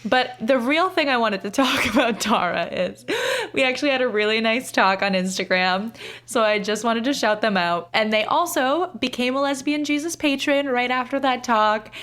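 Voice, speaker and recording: A young woman co-hosting a podcast in casual, chatty talk, quick to laugh. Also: a little high, a bit bright. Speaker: podcast co-host.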